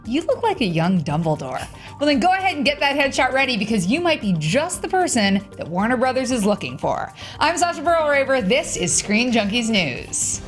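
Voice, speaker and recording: A woman's voice: high-pitched, sing-song, a little fast, hardly any pauses, soft background music. A woman hosting an entertainment news show, playful and jokey as she leads a casual panel chat.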